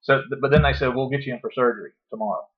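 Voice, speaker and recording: Cussing guy telling a story on a podcast, mid pitch, kinda dull lo-fi sound. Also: racing. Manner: profane, animated storyteller. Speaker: podcast guest. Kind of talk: casual storytelling.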